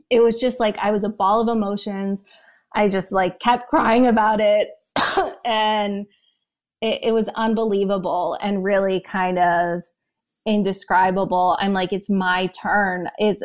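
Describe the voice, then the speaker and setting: Emotional woman guest near tears. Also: medium pitch. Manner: emotional, talks in quick bursts. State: close to tears. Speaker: podcast guest. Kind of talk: personal story in an interview.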